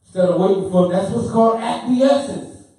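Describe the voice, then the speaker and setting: A man delivers an impassioned lecture with fervent, preaching insistence, repeating himself to drive points home and getting loud before apologizing. His voice is high, mellow, a little fast and creaky. He's recorded from well off the mic in a very echoey room.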